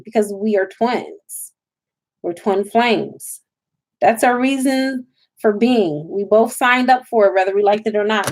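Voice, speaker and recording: Woman w/ doing a spiritual reading, emphatic, preachy, kinda high voice. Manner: emphatic, preachy, addresses viewers as y'all. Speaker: spiritual reader.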